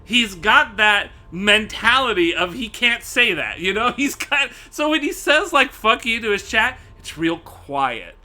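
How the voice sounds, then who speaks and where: Male streamer, high and very bright, animated profane rant to live chat. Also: unhurried, few pauses, soft background music. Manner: animated, profane, laughing often.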